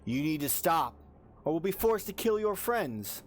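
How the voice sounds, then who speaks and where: A man voicing a stern male elf rider who booms out threatening commands in a tabletop game. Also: big pitch swings, unhurried.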